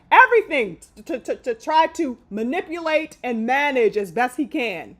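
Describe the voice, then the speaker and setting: Female host, high lively voice, fiery profane boxing rant. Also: brisk, hardly any pauses. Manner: heated, emphatic, profane ranting. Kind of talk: live opinion commentary.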